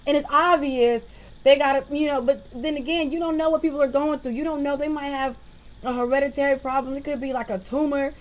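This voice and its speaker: A woman venting to her viewers in a casual monologue into a webcam, animated and exasperated. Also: sits high, a little fast, low-quality recording. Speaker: vlogger.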